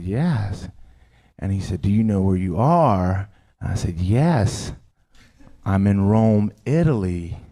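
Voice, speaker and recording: A man's voice: deep voice, mellow. A male stand-up comic telling a long, profane story on a club stage. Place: live comedy club with audience.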